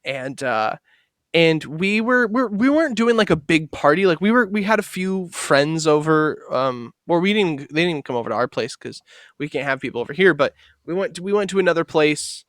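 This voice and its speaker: A young man co-hosting a casual podcast, his voice sitting a little high for a man. He rambles through stories, swears freely and leans on fillers. The sound is dry and close, with hardly any room around it. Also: lively intonation, brisk, dry recording. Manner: rambling storyteller, swears a lot, acts out quotes loudly. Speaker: podcast co-host. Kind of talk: casual chat.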